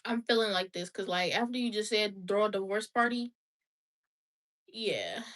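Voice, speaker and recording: A woman's voice: mid-range voice, animated, moderate pace, a bit bright. A woman vlogging casually, playful and chatty, talking straight to her viewers. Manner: playful, talks to viewers, breaks into laughter and snatches of song. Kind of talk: casual reaction vlog.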